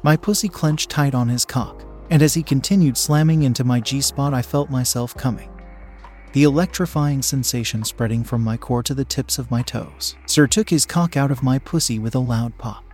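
A man of middle pitch reads a scripted first-person story in a calm, even way. Some passages drop to a hushed, breathy tone. Quiet music sits faintly under his voice. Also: moderate pace. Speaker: story narrator.

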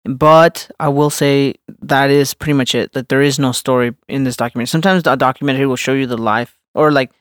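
A man co-hosting a podcast, chatting in a relaxed way and posing what-if questions to his friend. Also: medium pitch, brisk, few pauses, dry recording, studio quality. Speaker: podcast co-host. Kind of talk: casual chat.

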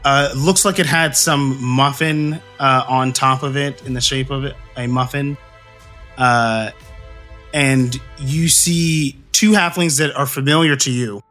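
A man's voice: mid-range voice, fairly even intonation, measured pace, bright, forceful tone, faint music behind. A man narrating as game master for a tabletop game, hesitant and full of fillers. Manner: hesitant, many fillers, clears throat.

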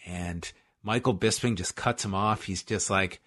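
A man's voice: on the low side, a little slow, a bit bright. A man co-hosting a podcast, telling rambling, jokey stories in casual chat. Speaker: podcast co-host.

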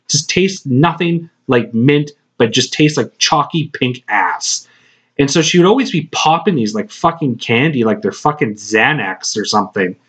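A man's voice: mid-range voice, animated, normal speed, a bit bright, slightly rough. A man hosting a podcast, telling a rambling workplace story in casual chat, swearing often and laughing between phrases. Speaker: podcast host. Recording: slightly dull lo-fi podcast recording.

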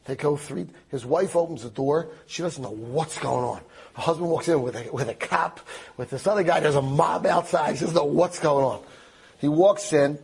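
A man telling a dramatic story aloud, acting out the quotes with lively animation. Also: a little high, moderate pace, creaky, slightly rough.

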